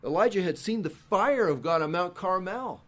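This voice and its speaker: A pastor preaching a sermon, who moves between hushed, quiet passages and loud, emphatic ones. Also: male voice, high-pitched, lively intonation, moderate pace.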